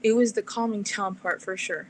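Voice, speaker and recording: A woman's voice: medium pitch, normal speed, slight background noise. A woman as an interview guest, chatting casually and acting out the people in her stories. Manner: animated storyteller, acts out quotes. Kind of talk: casual chat.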